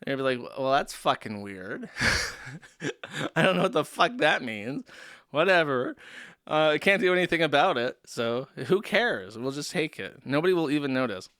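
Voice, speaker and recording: A man hosts a livestream with a bright, forceful voice that comes through smooth and crisp. He rambles in a sarcastic, profane, joking way, close on a desk mic with a dry sound and no room around it. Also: on the high side, lively intonation, normal speed, no echo. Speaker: streamer host. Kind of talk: livestream commentary.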